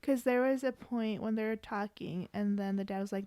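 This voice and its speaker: A woman's voice: medium pitch, fairly even intonation, brisk, hardly any pauses, mellow, dry recording. A woman co-hosting a podcast, chatting casually about a film with lots of "like" fillers. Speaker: podcast co-host. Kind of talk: casual chat.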